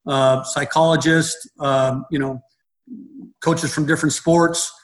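A man's voice: a little high, fairly even intonation, slow, poor audio. A middle-aged man, a baseball coach, talking in an interview, rambling and restarting his sentences often. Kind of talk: conversational interview.

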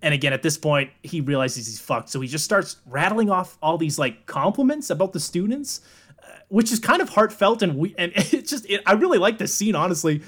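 A young man co-hosting a podcast, recapping a film in a relaxed, joking way, laughing often and swearing. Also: sits high, a little fast. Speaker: podcast co-host. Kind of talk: casual movie recap chat.

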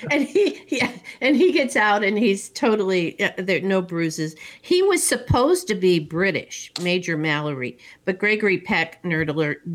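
A woman's voice: medium pitch, animated, normal speed, few pauses. A woman host casually retelling a film plot, rambling with many ums and asides. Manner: rambling storyteller with many fillers. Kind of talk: casual movie recap.

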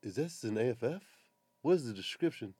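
A man's voice: mid-range voice, animated, fairly quick, mellow, breathy edge, no room sound. A man hosting a casual podcast, swearing freely and bluntly tearing apart skydiving videos. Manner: blunt, swears a lot, exasperated critique. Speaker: podcast host. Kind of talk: casual profane chat and video commentary.

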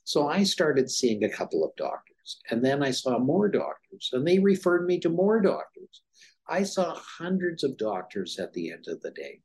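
A man's voice: on the high side, big pitch swings, moderate pace, a little mellow, slightly rough. A middle-aged man, a former dermatologist, telling his story as an interview guest and acting out the dialogue in it. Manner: anecdotal, acts out quoted dialogue.

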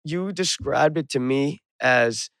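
A young man telling a rowdy story in casual chat, swearing, animated and getting loud. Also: mid-range voice, slow pace, vocal fry, dry recording.

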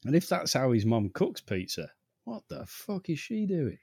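A man's voice: fairly high pitch, very animated, moderate pace, vocal fry, a little mellow, slightly rough, dry recording. Sweary, sarcastic man, dry sound. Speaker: podcast co-host. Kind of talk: casual chat.

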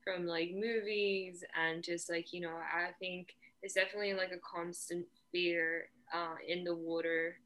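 A young woman from Portugal chatting casually as a guest, telling stories in a relaxed way with lots of fillers. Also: lowish voice. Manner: relaxed storyteller, many fillers. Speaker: guest surfer. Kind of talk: casual chat.

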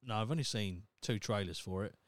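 A young man hosts a solo podcast, speaking fairly quickly in a lowish voice with no room sound. His casual rant is blunt, sweary, and opinionated.

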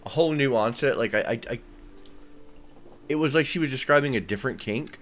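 A man's voice: medium pitch, fairly quick. A man hosting a podcast, chatting in a rambling, enthusiastic way with lots of fillers. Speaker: podcast host. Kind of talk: casual chat.

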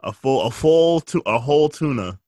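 A man's voice: mid-range voice, lively intonation, normal speed, dark tone, no echo. A man in casual chat who rambles, teases, and laughs often.

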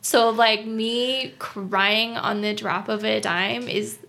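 A woman's voice: fairly high pitch, fairly even intonation, slow pace, creaky, fairly bright tone. A young woman chatting casually and candidly, telling emotional stories with lots of fillers. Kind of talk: casual chat.

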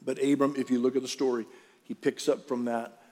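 A man's voice: medium pitch, flat delivery, fairly quick, mellow. A man preaching a conversational sermon to his congregation in a church service, mixing scripture reading with jokes. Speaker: pastor. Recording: long church-hall reverb.

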